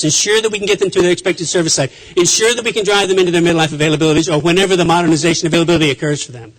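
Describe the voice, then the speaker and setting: Emphatic high-voiced naval officer speaking. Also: male voice, rough recording. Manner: emphatic, repetitive, with restarts. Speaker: naval officer giving a speech. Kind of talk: conference speech.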